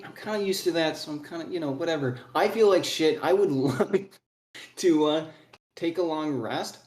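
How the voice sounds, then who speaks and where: A man's voice: on the high side, darkish tone, roomy sound. A man voicing a pouty, self-loathing young man who rambles sheepishly, eager for friends. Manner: rambling, sheepish, full of filler and restarts.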